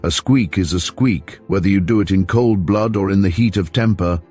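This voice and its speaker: A man voicing a principled middle-aged father who answers sharply and with emphasis, in a deep voice. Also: moderate pace, darkish tone, soft background music. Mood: firm.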